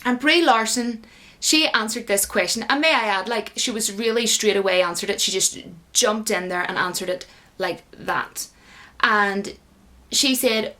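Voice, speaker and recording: A woman's voice: mid-range voice, a little slow, pushed and bright. Woman, casual rant, sarcastic, indignant, filler-heavy, commentator. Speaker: YouTube commentator.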